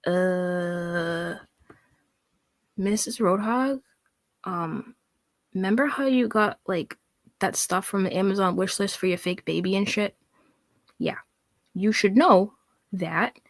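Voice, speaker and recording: A woman's voice: medium pitch, expressive, slow pace, pauses often, no room sound. A woman giving a sarcastic, mocking commentary rant, reading out comments with scorn and swearing freely. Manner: mocking, profane, reads comments aloud in a scornful tone. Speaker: commentary vlogger.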